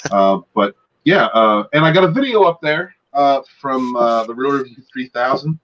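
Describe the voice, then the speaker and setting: A man in his forties chatting as a live-stream guest, his pitch swinging up and down animatedly. He rambles, restarts and laughs between thoughts. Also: expressive, moderate pace, highs cut off. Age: 40s. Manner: rambling, laughing, stop-start with fillers. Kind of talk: casual live-stream chat.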